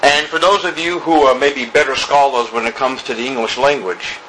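A man's voice: mid-range voice, steady tone, sharp tone, slight background noise, rough recording. A male pastor preaching a sermon in church during a service, emphatic and repetitive, stretching out key words. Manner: emphatic preaching with repeated phrases and drawn-out words.

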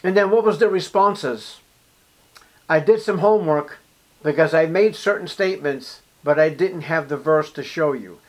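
Male preacher with a high-pitched voice, emphatic, addressing the congregation directly. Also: moderate pace. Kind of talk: sermon.

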